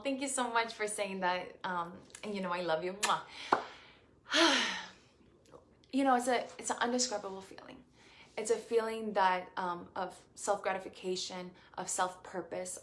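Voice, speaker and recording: A woman's voice: mid-range voice, a bit bright, slight background noise. A young woman from Puerto Rico, a beauty queen answering fan questions in a casual live stream, effusive and grateful, with many fillers and restarts.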